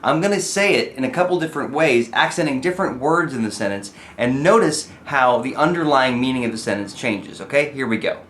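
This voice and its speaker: A man's voice: mid-range voice, lively intonation, fairly quick, few pauses, a bit bright. Brief: young adult man, playful comedic songwriting teacher, faint music behind. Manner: playful, sings example lyrics.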